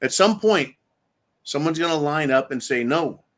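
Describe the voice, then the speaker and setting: A man's voice: a little high, lively intonation, moderate pace. A man hosting political commentary, delivering an angry, profane, sarcastic rant and repeating himself for emphasis.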